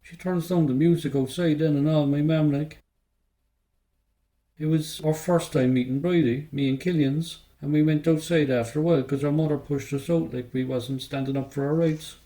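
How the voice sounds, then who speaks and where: A man's voice: on the high side, steady tone, normal speed, mellow, low-quality recording. A man with a Cork Irish accent reading a first-person novel aloud, telling it in the loose, slangy voice of a young narrator. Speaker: audiobook reader.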